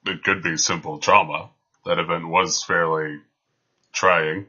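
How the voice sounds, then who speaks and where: A man's voice: deep voice, fairly even intonation, unhurried, pushed and bright. A man narrating as game master of a tabletop game, with dry, teasing remarks. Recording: dull lo-fi sound.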